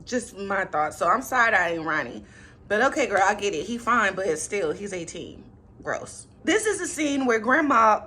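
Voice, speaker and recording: Bright-voiced sassy woman film reviewer. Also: medium pitch. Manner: animated, sassy, laughing asides, rhetorical questions. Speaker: movie reviewer, channel host. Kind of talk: casual, chatty commentary.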